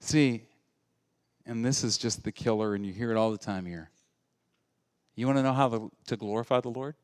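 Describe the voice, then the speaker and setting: A male pastor preaching a sermon, moving between loud, animated passages and hushed, intimate ones. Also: mid-range voice, moderate pace, no room sound, studio quality.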